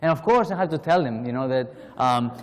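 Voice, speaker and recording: A man's voice: mid-range voice, animated, fairly quick, long reverb tail. A man from Spain with a Spanish accent, giving a chatty, self-deprecating keynote talk at a conference with many restarts. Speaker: conference speaker. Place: conference hall.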